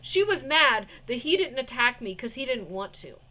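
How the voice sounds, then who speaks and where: Woman, high voice, casual storytelling, rambling, frequent restarts and fillers, suspicious tone. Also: lively intonation, moderate pace, bright, forceful tone. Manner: suspicious, with short laughs. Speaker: vlogger.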